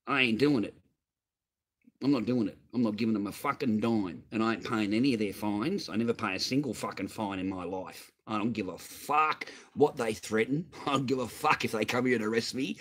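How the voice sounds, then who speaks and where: Husky, profane Australian man ranting. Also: medium pitch, a bit bright. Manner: profane, heated, repetitive. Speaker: livestream host. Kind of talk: ranting livestream chat answering viewers.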